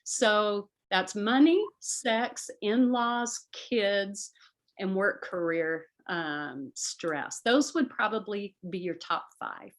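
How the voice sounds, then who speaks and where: Middle-aged woman, earnest talk-show guest, mid-pitched, animated in quotes. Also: takes it slowly. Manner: earnest, acts out voices in quotes. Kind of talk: conversational advice talk.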